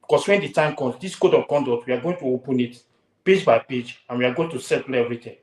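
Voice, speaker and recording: A man's voice: medium pitch, fast talker, a little mellow, reverberant, rough recording. A man hosting a heated talk show, repeating his warnings with force.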